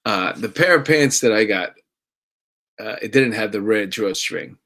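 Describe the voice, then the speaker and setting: A man's voice: fairly low pitch, animated, measured pace, sharp tone. Middle-aged New man telling a story. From New York. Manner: conversational with laughs and restarts. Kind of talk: personal storytelling.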